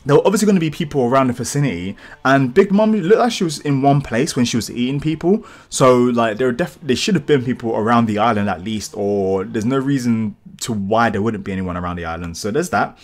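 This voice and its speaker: A man hosting a live manga reaction, excitable and rambling with casual swearing, feeling a bit sick and clearing his throat. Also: medium pitch, fairly quick, few pauses. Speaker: channel host.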